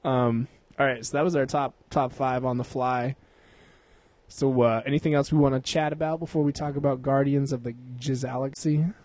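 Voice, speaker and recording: A man's voice: mid-range voice, steady tone, normal speed, darkish tone, dry recording. A young man hosting a casual podcast, rambling and swearing a lot, laughing often. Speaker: podcast host.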